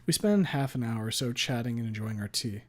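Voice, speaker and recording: A man's voice: medium pitch, lively intonation, fairly quick. Man steadily reading a visual novel. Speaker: narrator. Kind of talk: visual novel read aloud.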